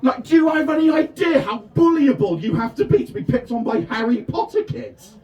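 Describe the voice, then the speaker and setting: A man in his thirties from Devon performing a self-deprecating stand-up set at a festival tent, often shouting his punchlines. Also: very high voice, lively intonation, a little fast, recorded from a distance, lo-fi sound. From England (Devon). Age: 30s. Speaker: stand-up comedian. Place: festival tent with a live audience.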